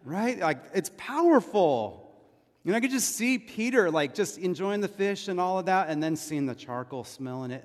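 This California pastor has a medium-pitched, animated voice and keeps a moderate pace. He preaches like he's telling a story, full of asides and rhetorical questions for the congregation, and a large hall's long reverb trails his words.

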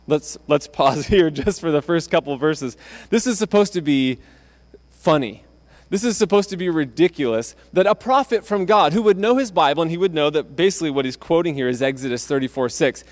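A man's voice: fairly high pitch, a little fast. A man preaching a sermon in a conversational way, often restarting phrases and acting out quotes from the text. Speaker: pastor.

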